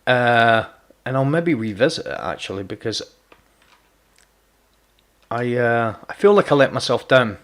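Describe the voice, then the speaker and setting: A gaming streamer chats casually during a live game, his medium-pitched voice moving at a measured pace with frequent pauses. He teases his viewers and trips over repeated words.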